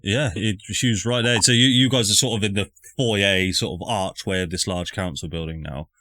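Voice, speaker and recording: A man's voice: on the low side, moderate pace, bright, forceful tone, dry recording. A man narrating a tabletop game as dungeon master, with lots of fillers and hesitations.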